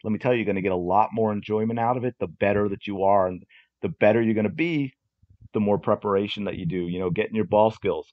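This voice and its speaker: Man, low voice, podcast host, earnest coaching monologue, dry slightly dull recording. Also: fast talker, no room sound. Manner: earnest, repetitive, coaching tone with many restarts.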